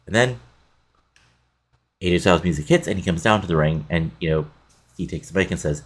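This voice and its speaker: A man's voice: sits low, fairly quick, pauses often. A man casually recapping a wrestling sim game, rambling with many fillers. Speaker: game playthrough narrator.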